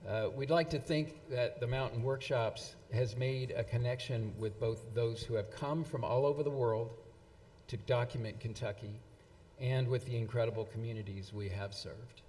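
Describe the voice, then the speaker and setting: A man's voice: mid-range voice, steady tone, normal speed, a little mellow. A man giving a speech at an anniversary event, reading quotes with frequent fillers and restarts. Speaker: event presenter. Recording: long hall reverb.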